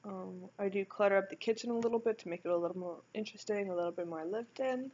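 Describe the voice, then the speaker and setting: A young woman talks through her game build in a loose, rambling way, with lots of restarts and little asides. Her voice sits at a middle pitch. The recording is slightly muffled and lo-fi. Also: fast talker, a little mellow, a little hiss or hum. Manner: rambling, chatty, self-correcting. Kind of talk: casual voice-over commentary.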